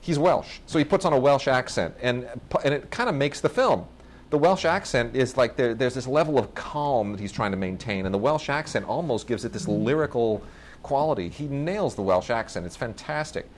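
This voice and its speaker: A man's voice: mid-range voice, animated, moderate pace. A man hosting a podcast, chatting casually and enthusiastically about films, often restarting his sentences. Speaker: podcast host reviewing films. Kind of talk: casual film review chat.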